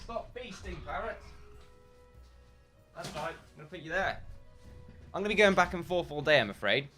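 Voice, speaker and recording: A man's voice: a little high, expressive, fast, sharp tone, faint music behind. A man giving casual gameplay commentary, rambling and correcting himself often, with short chuckles.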